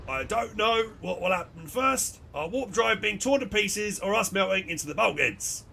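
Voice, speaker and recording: A man's voice: sits high, expressive, moderate pace, gravelly, bright, forceful tone, slight background noise, full character voice. A man voicing a blunt, gloomy ship helmsman in a game.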